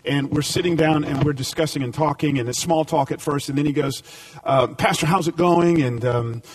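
Male pastor, sermon, high voice, dry sound. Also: fairly even intonation, a little fast, dry recording, distant mic. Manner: preaching with rising emphasis, then dropping to a quiet storytelling tone.

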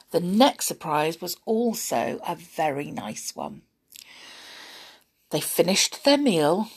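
Slow, expressive woman reading aloud. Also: on the low side, slightly rough. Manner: slow, expressive, talking to a child listener. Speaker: storyteller. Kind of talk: reading a children's storybook aloud.

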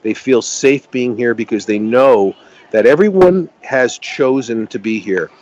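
A man's voice: medium pitch, expressive, unhurried, a little mellow, dull audio, a little hiss or hum. Eager, stammering middle-aged American man. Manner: enthusiastic, stammering restarts. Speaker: podcast guest. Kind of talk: casual chat.

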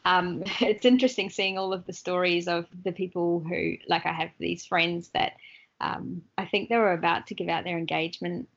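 A woman's voice: on the low side, steady tone, normal speed, vocal fry, fairly bright tone, dull audio. An Australian woman chatting as a guest in a casual online interview, laughing often as she talks.

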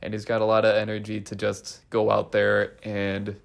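A young man chats loosely on a college podcast, his voice carrying a gravelly rasp. He is playful, animated and thinks out loud as he talks. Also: fairly low pitch, normal speed. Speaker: podcast co-host, resident assistant. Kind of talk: casual chat.

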